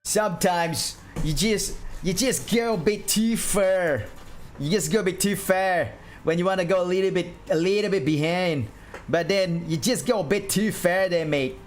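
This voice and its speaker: A man's voice: sits high, moderate pace, faint music behind, natural voice. A man putting on a playful, exaggerated Australian bloke impression while drawing on stream. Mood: joking. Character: jokey mock-Australian bloke, adult man.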